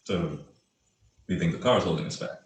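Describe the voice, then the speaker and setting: A man's voice: sits low, moderate pace, close to an everyday voice. A man reading the part of a sarcastic, combative young police officer in a play reading over a video call. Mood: bickering. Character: young male cop, sarcastic and proud. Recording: roomy echo on the voice.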